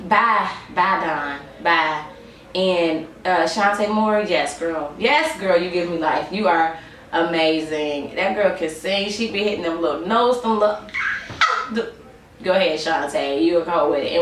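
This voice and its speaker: A tired woman in her twenties giving a sassy, chatty vlog review of a TV show and talking to her viewers as y'all. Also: fairly low pitch. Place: room at home. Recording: roomy sound, mic at a distance.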